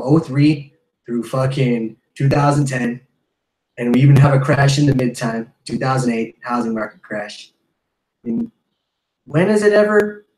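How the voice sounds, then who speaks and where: A man's voice: mid-range voice, echoey room, low-quality recording. A man on a podcast ranting casually, heated and profane, rambling with restarts. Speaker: podcast host. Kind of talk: casual rant.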